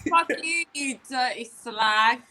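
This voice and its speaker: A woman's voice: high voice, slow pace, noisy background. A woman in casual stream chat, crude and teasing, laughing often.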